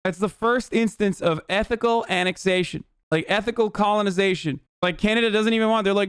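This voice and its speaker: A man's voice: high voice, a little fast, hardly any pauses, a bit bright, clear, resonant tone, no echo, clean studio sound. A man giving livestream commentary in a profane, rambling, sarcastic way.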